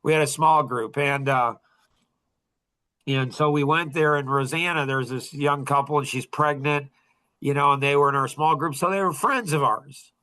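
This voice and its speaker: A middle-aged man hosting a podcast, telling a story in a casual, animated and heated way, with many restarts. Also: fairly high pitch, normal speed. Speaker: podcast host.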